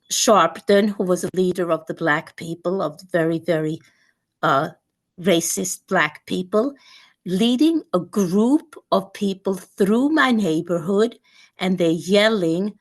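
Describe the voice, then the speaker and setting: A woman in her eighties from Sweden, a guest speaker telling a personal story vividly, with repetitions and restarts. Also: lowish voice.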